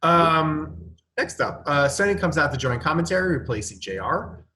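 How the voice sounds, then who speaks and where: Bright-voiced man recapping with dry asides. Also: fairly high pitch, animated, normal speed. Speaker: podcast guest. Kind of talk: casual chat.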